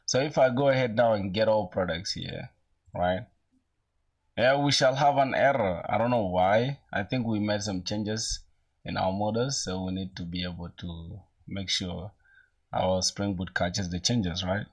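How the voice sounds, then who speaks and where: A young man in his twenties chatting casually with viewers while coding live, using relaxed slang and thinking aloud, with an occasional cough. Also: on the low side, unhurried, highs cut off. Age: young adult. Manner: laid-back slangy, greets chat, thinks aloud. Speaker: programming streamer.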